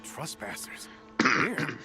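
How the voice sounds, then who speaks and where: An actor voicing a gruff, suspicious male guard in a video game. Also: slow, close to an everyday voice. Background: loud game music.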